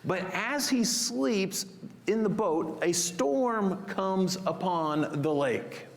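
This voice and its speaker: A man preaching a sermon as pastor, expressive and acting out the disciples' panicked cries. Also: high voice, takes it slowly, long reverb tail.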